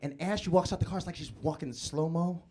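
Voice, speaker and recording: A young man from Chicago doing a live stand-up set in a comedy club, telling a story with animated delivery and stammered restarts. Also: fairly high pitch, fast, a crowd in the background.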